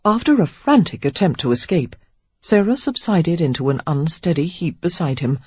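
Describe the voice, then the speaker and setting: Woman narrator, audiobook, breathy voice, animated pitch, dry muffled sound. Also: moderate pace, dry recording. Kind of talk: scripted narration.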